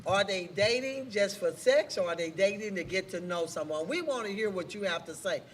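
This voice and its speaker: A woman's voice: mid-range voice, lively intonation, fairly quick, slight background noise. A woman in her fifties hosting a casual live talk show, chatty, laughing often as she reads viewer comments aloud.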